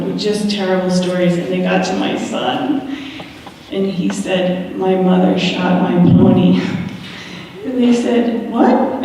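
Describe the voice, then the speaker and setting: A woman's voice: fairly low pitch, mellow, a little hiss or hum. A middle-aged woman telling her family's story frankly and with frequent laughter, speaking to an audience. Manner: frank, laughs often, acts out quoted voices. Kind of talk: candid storytelling talk. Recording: echoey hall from far off.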